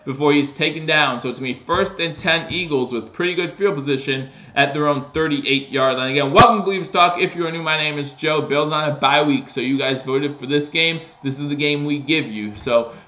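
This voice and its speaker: A man's voice: fairly high pitch, a little fast, hardly any pauses, echoey room, highs cut off, a little hiss or hum. A man hosting a live stream, giving casual play-by-play football commentary that picks up on big plays. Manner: casual, with fillers and restarts, rising excitement on plays. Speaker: host doing live play-by-play.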